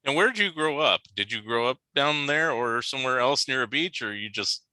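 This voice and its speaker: A man from California hosts a relaxed podcast chat. He is talkative and laughs easily, his voice sharp and bright. The close mic is dry, with no room sound. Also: mid-range voice, brisk, no room sound, poor audio. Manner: chatty, laughs often, asks follow-up questions. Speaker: podcast host. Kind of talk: casual interview chat.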